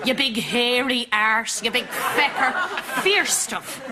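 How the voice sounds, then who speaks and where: A gossipy Irish housekeeper with a high voice, tutting at foul language while gleefully repeating it. It is a TV sitcom recording with a roaring studio audience and heavy noise. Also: female voice, slow pace. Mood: scandalised. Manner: prim, relishing the swearing she condemns. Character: gossipy elderly housekeeper woman, scandalised. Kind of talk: sitcom acting. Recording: TV sitcom with loud crowd noise.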